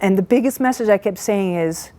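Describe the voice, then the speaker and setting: A woman giving an emotional personal testimony about an event she attended. She talks in a halting, earnest way, full of restarts, and her voice is shaky with emotion. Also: medium pitch, dark tone.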